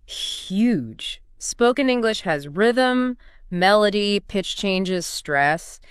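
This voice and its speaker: A woman's voice: medium pitch, animated, very slow, clean tone, dry recording, clean studio sound. A woman co-hosting a scripted conversation about learning English, with an upbeat, teacherly delivery. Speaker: co-host. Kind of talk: scripted two-host explainer on learning English.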